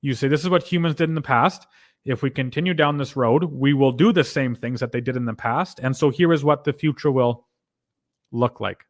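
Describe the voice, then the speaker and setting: A man's voice: mid-range voice, a little fast, dry recording. Canadian man lecturing in a dry room. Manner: lecturing, explains with examples, ends points with "right?". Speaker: podcast host. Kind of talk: casual conversational commentary.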